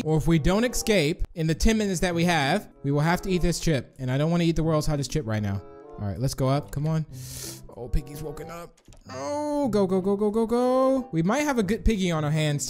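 A young man giving nervous, excitable commentary while playing a video game, often talking himself through it. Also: on the high side. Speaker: gaming YouTuber. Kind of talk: live gameplay commentary.

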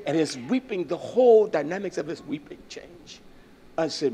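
An older man preaching as pastor speaks on the high side at a moderate pace, expressive throughout. His sermon swings between shouting and hushed stories, peppered with "uh."

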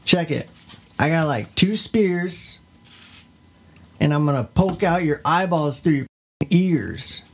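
A man's voice: a little high, lively intonation, takes it slowly, long pauses, husky, pitched above the performer's own voice, heavily acted. A man voicing a big boastful billy goat who talks like a gangsta. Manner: swaggering, cocky.

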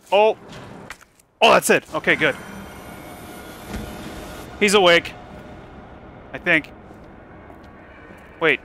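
An excitable man narrates his horror gameplay in a high, bright voice that leaps up and down wildly. He curses and yelps when things go wrong. Faint game music sits underneath. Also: creaky, a little hiss or hum. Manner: excitable, swears and yelps at jump scares. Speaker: gamer playing a horror game. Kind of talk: live gameplay commentary.

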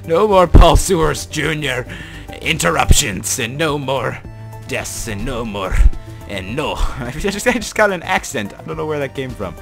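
A young man narrating his own gameplay, chatty and excitable, jumping from mumbles to panicked shouts. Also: mid-range voice, moderate pace, gravelly, music in the background. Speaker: gaming channel host. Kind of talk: gameplay commentary.

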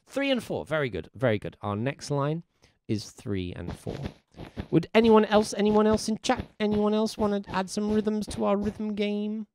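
A man's voice: sits high, lively intonation, normal speed, a little mellow, slight background noise. A man teaching a music lesson on a livestream, playful and encouraging as he talks with viewers in chat. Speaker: music teacher streaming live.

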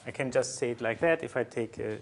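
A man giving a university mathematics lecture, halting often with fillers and restarts as he works through a proof. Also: medium pitch, a little hiss or hum. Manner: halting, many fillers and restarts while writing.

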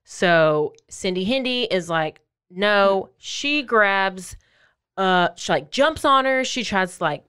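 A woman hosting a podcast, casually telling a true-crime story in an animated way and acting out quotes in playful voices. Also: mid-range voice, slow pace, clear, resonant tone. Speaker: podcast host.

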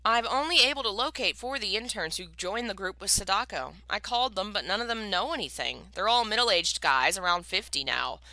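A woman reading a book aloud and voicing a calm, skeptical male colleague on the phone. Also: mid-range voice, fairly quick, few pauses, dry recording, voice pushed up. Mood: matter-of-fact. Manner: calm, doubtful.

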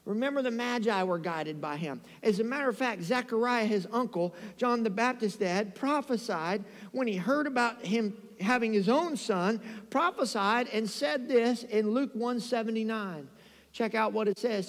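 Pastor guy preaching, real high voice, lively stories, church hall echo. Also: moderate pace. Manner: animated storytelling preacher, calls for amens. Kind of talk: sermon. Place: church sanctuary.

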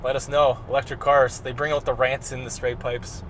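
A young man from Canada, co-hosting a casual car review, easygoing and quick to laugh, who also addresses viewers directly. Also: mid-range voice, level tone, a bit bright, a little hiss or hum.

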